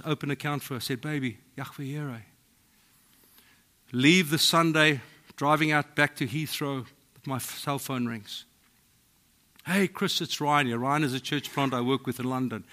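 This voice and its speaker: South African pastor with a bright voice. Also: male voice, mid-range voice. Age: middle-aged. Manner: storytelling, swings from hushed to exclaiming. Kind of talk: sermon.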